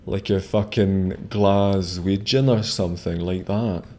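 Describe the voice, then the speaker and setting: A man's voice: deep voice, steady tone, takes it slowly, dark tone. A man streaming a game live, rambling casually, swearing freely and chatting with his viewers. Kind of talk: casual live gameplay commentary.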